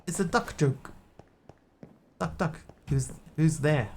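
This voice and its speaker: A man talks through his game stream in an easy, joking way, reading chat aloud between tasks. His voice sits a little higher than most men's. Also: takes it slowly. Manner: chatty, jokey, reads chat aloud.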